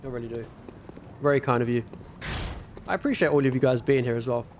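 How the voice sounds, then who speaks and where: A man's voice: mid-range voice, steady tone, fast, slight background noise. A man with a northern English accent, chatting casually with viewers while gaming on a livestream in a laid-back, rambling way. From northern England.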